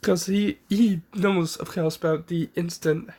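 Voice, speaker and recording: A man casually narrating an improvised fan story in a rambling, halting way with many restarts. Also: high-pitched, steady tone, dark tone.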